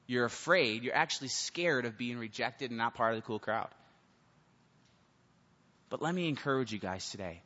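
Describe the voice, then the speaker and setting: A man preaching a sermon to teens as a youth pastor, acting out the people in his stories. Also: medium pitch. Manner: animated storytelling, acts out the people in the story. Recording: muffled sound with long hall reverb.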